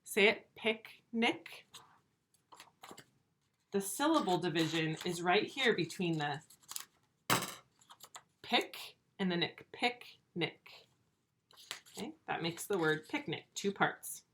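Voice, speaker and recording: A woman teaching first graders in a recorded video lesson, speaking slowly and clearly, stretching words out and asking patient, encouraging questions. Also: on the low side, lively intonation, noisy background. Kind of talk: remote video lesson for young children.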